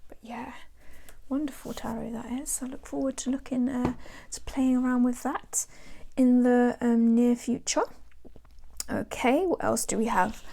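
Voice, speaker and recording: A woman's voice: fairly high pitch, fairly even intonation, a little slow, vocal fry, warm tone. A woman chatting casually as a tarot vlogger, rambling and laughing as she shows her decks. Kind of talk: casual show-and-tell chat. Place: home.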